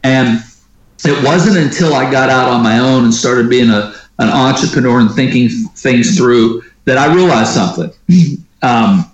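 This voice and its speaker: A man telling personal stories as an interview guest, lively and acting out the dialogue he quotes. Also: mid-range voice. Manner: animated storyteller who acts out quoted dialogue. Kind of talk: storytelling in a conversational interview. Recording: roomy echo.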